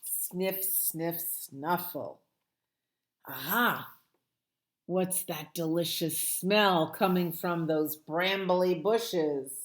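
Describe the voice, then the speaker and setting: Slow, expressive woman reading a storybook. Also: on the low side. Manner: expressive, playful read-aloud with sound words. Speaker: children's librarian. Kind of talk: storytime picture-book read-aloud.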